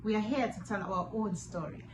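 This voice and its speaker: A woman doing a slow, chant-like station drop, partly sung. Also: medium pitch, darkish tone, slight background noise. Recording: echoey room.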